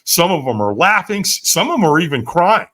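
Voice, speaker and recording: Animated, bright-voiced storyteller man. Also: high-pitched, fairly quick. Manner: vivid storyteller, frequent "right?" asides, acts out quotes. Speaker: podcast guest, firewalk instructor.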